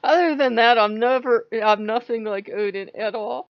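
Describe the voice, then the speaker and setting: A woman's voice: a little high, moderate pace, no room sound, muffled recording. A woman vlogger telling a casual ranting story, swearing freely and often laughing. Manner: profane, laughing, animated.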